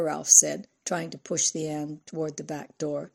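A woman narrating a novel in an even, scripted storytelling delivery. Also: deep voice, unhurried, creaky, few pauses, breathy edge. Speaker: audiobook narrator.

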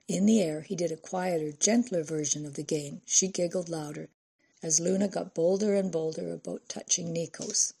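A woman narrates a novel in a steady, even manner. Her voice sits low, husky and mellow. It is an audiobook reading.

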